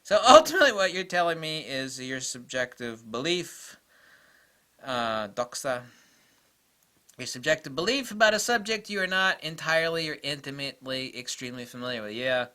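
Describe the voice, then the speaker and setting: A man rambles through a casual camera vlog, opinionated and prone to digressions. His voice is very bright and forceful, at an ordinary middle pitch. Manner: opinionated, digressive, mocks imagined critics in exaggerated voices. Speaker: camera reviewer. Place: indoors with cameras on a table.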